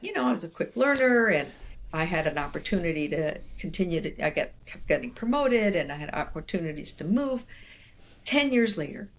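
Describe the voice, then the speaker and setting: Gravelly-voiced older woman, lower-pitched, lively conversational storyteller, guest on an interview. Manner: animated, expressive storyteller with quoted voices.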